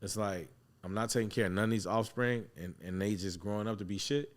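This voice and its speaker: A man hosting a barbershop talk, speaking bluntly and profanely in casual chat and telling stories with animated put-on voices. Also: lowish voice, fairly quick. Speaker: barbershop owner and host.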